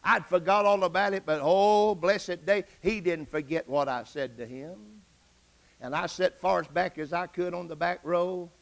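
A middle-aged man preaching a sermon as pastor, telling his own testimony and rising to excited outbursts. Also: high voice, normal speed, gravelly.

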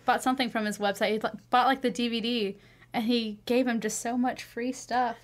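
A woman with a mixed Wisconsin and Southern accent hosting a casual radio talk show, chatty and quick to laugh. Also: fairly high pitch, steady tone. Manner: chatty, laughs often, filler-heavy.

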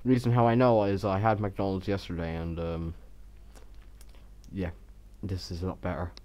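Young male YouTuber, low and soft-toned, chatty and self-mocking, stutters. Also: little pitch movement, normal speed, muffled recording. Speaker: Minecraft YouTuber. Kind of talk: casual voice-over of a build time lapse.

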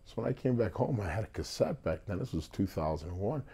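Deep, husky man. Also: fairly quick. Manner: animated storyteller, acts out quotes. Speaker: singer, interview guest. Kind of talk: casual storytelling interview.

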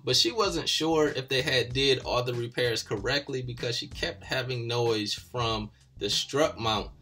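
A young man hosting his own automotive channel, casually telling a story about a mechanic and getting animated as he retells the argument. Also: fairly low pitch.

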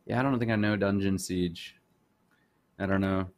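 A man hosting a casual podcast chat, talkative and quick to laugh. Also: low-pitched. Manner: chatty, laughs often, animated. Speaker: podcast host.

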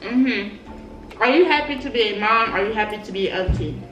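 A woman hosting her vlog who teases her twin during a mukbang chat and wraps up with a relaxed outro to her viewers. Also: fairly high pitch, moderate pace, far from the mic, soft background music. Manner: teasing, relaxed, hypes the audience. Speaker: vlog host. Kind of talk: casual chat and channel outro. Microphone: vlog camera. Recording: echoey room, away from the mic.

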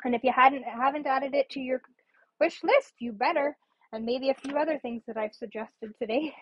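A woman's voice: high-pitched, moderate pace, dull audio. A woman casually showing her handmade paper cards on a live stream, chatty and rambling with many ums. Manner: chatty, rambling, frequent ums, laughs at herself. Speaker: papercraft demonstrator. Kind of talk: casual live craft demo.

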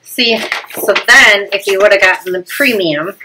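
A woman's voice: medium pitch, measured pace, background noise. A woman in her thirties hosting a casual family snack unboxing, chatty and laughing often, stumbling over foreign names. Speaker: family channel host.

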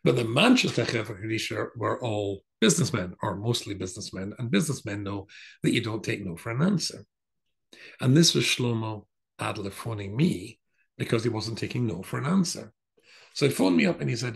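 A man's voice: fairly low pitch, expressive, a little fast, vocal fry. An older man from England, a rabbi, telling a long personal story in a rambling way with many fillers and restarts. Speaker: rabbi giving a talk. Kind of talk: storytelling talk.

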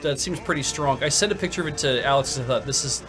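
A man co-hosting a game stream, chatting casually and rambling with lots of halting fillers. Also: mid-range voice, music in the background. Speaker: stream co-host. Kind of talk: casual gameplay chat.

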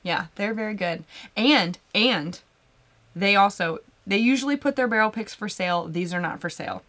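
A woman's voice: mid-range voice, moderate pace, fairly bright tone. A woman co-hosting a live whiskey show, chatting casually and reading out viewer comments. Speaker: podcast co-host.

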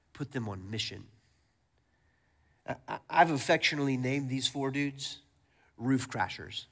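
Energetic male pastor in a reverberant hall. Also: medium pitch, breathy edge. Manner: energetic, repeats words, calls out to the congregation. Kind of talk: sermon. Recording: long church hall reverb.

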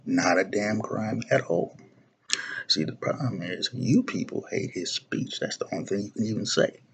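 A man's voice: fairly low pitch, moderate pace, gravelly, husky. A young man ranting to camera, blunt and profane, often circling back and restarting his phrases. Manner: repeats himself, restarts phrases. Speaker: video blogger. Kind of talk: political rant to camera.

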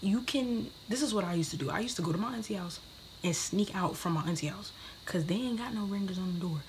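A woman's voice: mid-range voice, quick pace, a little hiss or hum. Brash, profane young woman vlogger. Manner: brash, profane, slips into whispers. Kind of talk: casual advice vlog.

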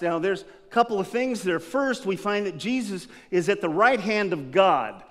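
A male pastor with a noticeably high speaking voice delivers a sermon full of lively personal storytelling, acting out scenes as he goes. His words ring out with a long reverb through a church sanctuary. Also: normal speed, hardly any pauses. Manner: lively storyteller who acts out scenes with laughter.

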